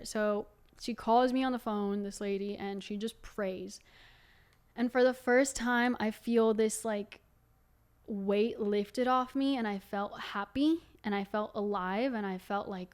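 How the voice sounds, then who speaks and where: A young woman candidly telling her life story to camera as the host of her own show, talking in a quick, loose flow with many fillers. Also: medium pitch, fairly even intonation, clean tone. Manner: candid and fast-flowing, full of fillers like "like". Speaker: singer and video host.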